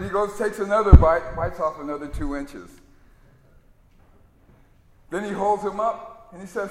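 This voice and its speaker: Slow, conversational male preacher in an echoey hall. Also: sits high, background noise. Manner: storytelling, conversational. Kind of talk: sermon.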